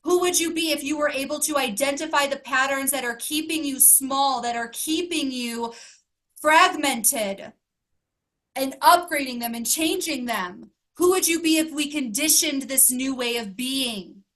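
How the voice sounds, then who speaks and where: A woman's voice: high voice, measured pace, a bit bright. A woman life coach giving an emotional motivational talk to her group, earnest and emphatic, asking question after question. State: emotional, close to tears.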